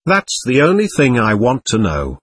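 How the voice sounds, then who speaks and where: A man's voice: medium pitch, wildly swooping pitch, moderate pace, a bit bright, husky, no room sound, clean studio sound, heavily acted. Man reading as a petulant young girl. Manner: insistent, complaining. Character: petulant demanding teenage girl.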